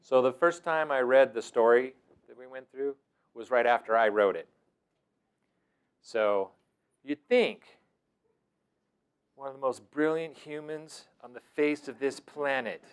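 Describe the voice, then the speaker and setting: A middle-aged man telling stories as a teacher, animated and breaking into loud, shouted impressions. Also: mid-range voice, unhurried, long pauses, clear, resonant tone. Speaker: wilderness mentor and teacher. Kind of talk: storytelling talk.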